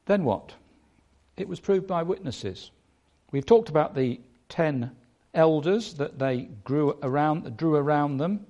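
Male preacher, slightly higher voice, emphatic sermon delivery. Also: expressive, takes it slowly, highs cut off. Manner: emphatic, varies loudness and pace for stress.

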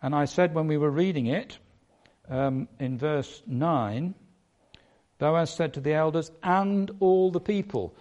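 Male preacher, slightly higher voice, emphatic sermon delivery. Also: measured pace. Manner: emphatic, varies loudness and pace for stress.

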